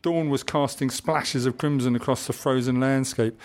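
A man reading a historical adventure novel aloud in measured audiobook narration. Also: mid-range voice, steady tone, darkish tone.

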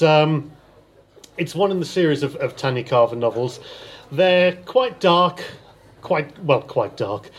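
At a live event, a male author chats for a moment before reading the opening of his crime novel. His voice is medium in pitch and his narration is steady.

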